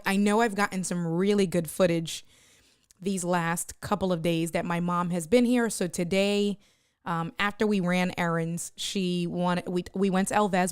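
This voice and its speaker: A woman's voice: lowish voice, clean tone, no room sound, clean studio sound. A woman live-streaming, chatting casually and joking with her viewers as she reads their comments.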